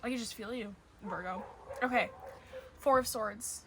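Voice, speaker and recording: A woman's voice: fairly high pitch, measured pace, noisy background. A woman giving a casual tarot reading to camera, emotional and gushing, close to tears at times, with dogs barking in the background. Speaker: tarot reader.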